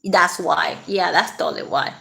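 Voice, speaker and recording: A woman's voice: on the low side, normal speed, gravelly, bright, forceful tone, slight background noise. A woman vlogging casually, rambling and laughing often as she talks. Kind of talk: casual commentary to camera.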